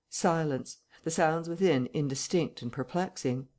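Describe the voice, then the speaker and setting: Measured male audiobook narrator. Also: medium pitch, a little mellow.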